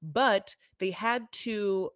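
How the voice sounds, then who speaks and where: A woman's voice: medium pitch, drawn-out words, dry recording, clean studio sound. A woman co-hosting a podcast in casual chat, rambling through hot takes with many fillers and laughing asides. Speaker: podcast co-host.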